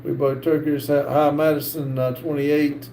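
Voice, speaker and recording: A man's voice: fairly high pitch, flat delivery, dark tone. Middle-aged man with a North Carolina accent. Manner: reads viewer comments aloud, halting with frequent "uh". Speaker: live-stream host. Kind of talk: casual live-stream chat. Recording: echoey room with faint background hiss.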